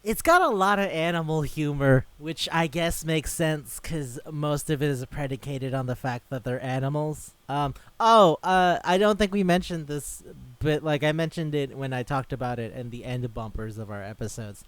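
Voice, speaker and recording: Chatty, profane man with a smooth voice. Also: fairly high pitch, normal speed, few pauses, no echo. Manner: rambling, profane, acts out quoted characters in silly voices. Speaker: podcast co-host. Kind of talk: casual chat.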